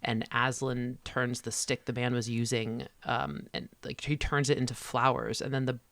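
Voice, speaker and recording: A man's voice: mid-range voice, flat delivery, moderate pace, a bit bright, no echo. A man co-hosting a podcast, casually retelling a book's plot in long run-on summaries. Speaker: podcast co-host. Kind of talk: casual book discussion.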